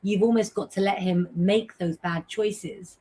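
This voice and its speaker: A woman's voice: medium pitch, steady tone, a little slow, dark tone. A middle-aged woman hosting a casual live stream, chatting as she reads out viewers' names and messages and giving tarot advice.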